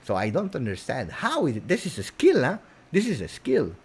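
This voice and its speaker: A man's voice: fairly high pitch, huge pitch swings, moderate pace, darkish tone, slightly rough. An Italian-accented man hosting a football livestream, chatting casually and reading out viewer messages with many fillers. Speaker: football channel host.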